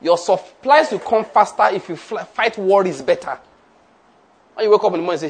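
Preacher, rhythmic declarations. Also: male voice, high voice, brisk, slightly rough. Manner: leads the congregation in call-and-response declarations. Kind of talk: sermon.

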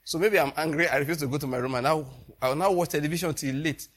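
Husky-voiced pastor, laughing often. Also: male voice, a little high, fast. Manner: laughs often, chuckling storyteller; loose, conversational preaching. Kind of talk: sermon.

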